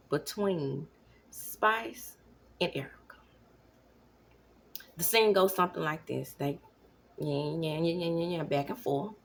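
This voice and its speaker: A woman in her thirties giving casual commentary at home, animated, now and then dropping into whispers. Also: low voice, gravelly, slight background noise. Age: 30s. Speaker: vlogger. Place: home, at night.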